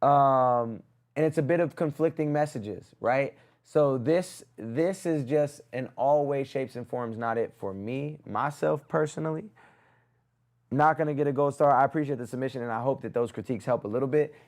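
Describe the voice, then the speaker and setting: A man's voice: medium pitch, normal speed, darkish tone. A man hosting a live music review stream, giving blunt, casual critiques in slang and talking to his chat. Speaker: music review livestream host.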